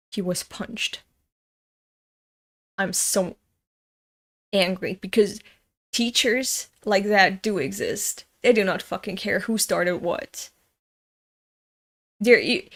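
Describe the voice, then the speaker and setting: Young european woman doing a comic read-along, slow and ranty, swears a lot. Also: mid-range voice. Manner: ranting, profane, indignant. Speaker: comic reader. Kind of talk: casual read-along commentary.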